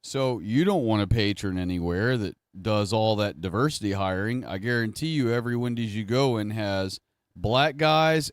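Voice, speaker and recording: A man's voice: fairly low pitch, lively intonation, moderate pace, dry recording, clean studio sound. A man talking to his audience in a casual livestream monologue, rambling and correcting himself as he goes. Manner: rambling, self-correcting, conversational. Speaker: streamer.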